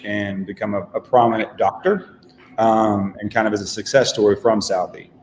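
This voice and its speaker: A man, a stage actor, chatting easygoing and self-deprecating, halting with fillers. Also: lowish voice. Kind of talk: casual interview chat. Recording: echoey hall with faint noise.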